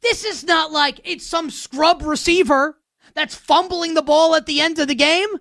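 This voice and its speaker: A man's voice: very high-pitched, a little slow, bright, forceful tone, no room sound, studio quality. A man hosting a sports betting show, delivering a heated, sarcastic rant with emphatic repetition. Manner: sarcastic, ranting.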